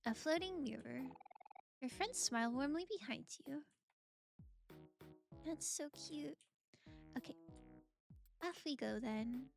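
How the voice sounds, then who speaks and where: A woman's voice: high voice, takes it slowly, gravelly, long pauses. A woman streamer giving casual, chatty commentary on a game, laughing often and reading game text aloud. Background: game music.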